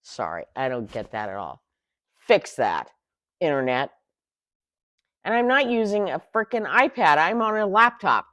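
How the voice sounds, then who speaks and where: A woman's voice: deep voice, unhurried, long pauses, no room sound. Exasperated woman ranting, dry close sound. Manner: exasperated, animated storytelling with sarcastic asides. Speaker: tarot channel host. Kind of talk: casual rant.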